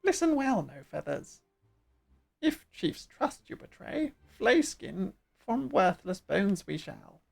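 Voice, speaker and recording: A fierce, proud bird-creature warrior from a fantasy game, as a woman puts it on, talking in clipped phrases with the word order jumbled about. The voice jumps around in pitch and carries a gravelly rasp under the squawky edge. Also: very animated, slow, full character voice. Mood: menacing. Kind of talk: game dialogue voiced live.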